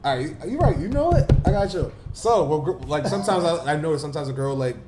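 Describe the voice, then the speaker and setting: A man's voice: on the high side, expressive, fast, a crowd in the background. A man bantering on a podcast, joking and laughing often. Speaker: podcast co-host. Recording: echoey room with noise.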